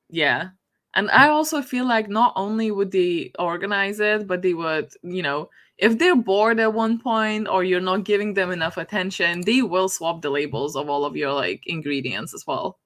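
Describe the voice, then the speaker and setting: Chatty lady streamer, lowish voice, keeps giggling, super casual. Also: fairly bright tone. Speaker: book streamer. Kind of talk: casual livestream chat.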